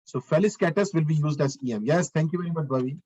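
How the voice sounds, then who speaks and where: A man's voice: fairly high pitch, fast talker, a little mellow, husky, highs cut off. Man teaching a live web coding class. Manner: talks through steps while working, repeats phrases, asks the class questions. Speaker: lecturer. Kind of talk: live online coding lecture.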